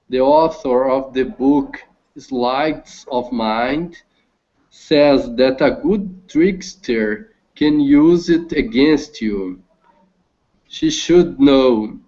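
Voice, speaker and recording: A man student reading a text aloud in an English lesson, slowly and hesitantly with many restarts. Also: medium pitch, darkish tone. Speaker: language student. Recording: dull lo-fi call audio.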